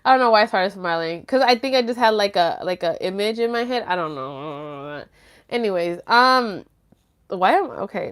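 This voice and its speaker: A woman's voice: mid-range voice, lively intonation, moderate pace. A young woman hosting a live stream, chatting casually and candidly with viewers in slangy speech full of fillers and the odd curse. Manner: laughs nervously when flustered. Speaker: livestream host answering viewer chat. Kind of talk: casual chat.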